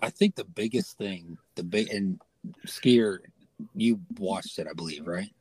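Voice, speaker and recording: A man co-hosting a casual sports podcast, retelling events with animated excitement. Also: sits low, measured pace, slightly rough. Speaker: podcast co-host.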